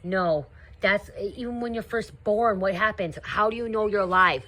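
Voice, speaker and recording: A woman's voice: medium pitch, normal speed, bright, forceful tone, a little hiss or hum. A woman giving earnest spiritual advice in a casual, rambling monologue, often adding "you know" and "okay?". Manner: earnest, coaching tone addressing viewers. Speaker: spiritual content creator.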